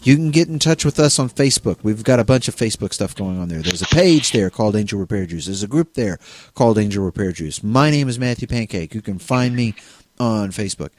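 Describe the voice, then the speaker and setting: A man co-hosting a podcast in casual chat, jokey and animated, stumbling over words now and then. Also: on the low side, brisk. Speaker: podcast co-host.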